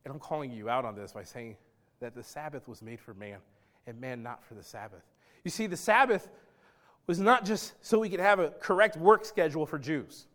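Guy preaching a sermon, kinda high voice, gets loud then real quiet, very dramatic. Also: moderate pace. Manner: emphatic, dramatic preaching that swings from loud to hushed; acts out quoted speech and addresses the congregation directly. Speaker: pastor.

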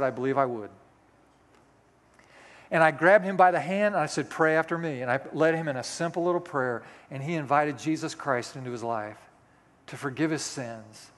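In a church sanctuary with long hall reverb, a male pastor in his sixties preaches, sharing a personal story with folksy, self-deprecating humor. His voice is on the high side and a bit bright.

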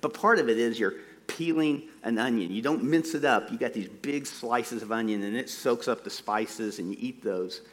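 A middle-aged man preaching a sermon into a microphone, slowing down to stress key phrases and dropping in folksy, self-deprecating asides. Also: medium pitch, a little hiss or hum. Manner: slow, deliberate emphasis on key phrases.

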